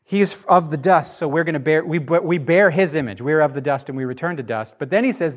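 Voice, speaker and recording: Man, fairly high voice, emphatic Bible teacher, casual podcast chat. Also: quick pace, few pauses. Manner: animated and emphatic, with frequent restarts.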